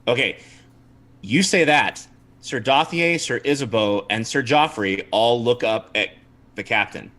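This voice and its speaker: A man narrating and running a tabletop role-playing game as its game master, in a relaxed storytelling manner. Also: mid-range voice, measured pace.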